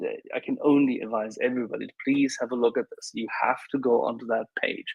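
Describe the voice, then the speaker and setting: A husky-voiced man talks in a casual online audio room. His tone is sarcastic and animated as he mocks red tape. The sound is dry and close. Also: medium pitch, no room sound, low-quality recording. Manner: sarcastic, animated, laughs at bureaucracy.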